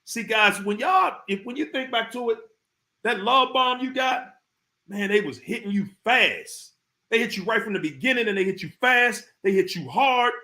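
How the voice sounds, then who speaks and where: A man's voice: high-pitched, lively intonation, normal speed, sharp tone. A man hosting a casual live stream, talking straight to his viewers in informal slang and repeating his points for emphasis. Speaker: live-stream host talking about narcissists.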